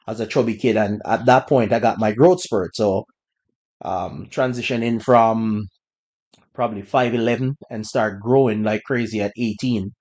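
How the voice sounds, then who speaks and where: A man hosting a podcast, telling a personal story in a relaxed, conversational way with bursts of laughter. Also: mid-range voice. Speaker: podcast host. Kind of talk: casual storytelling.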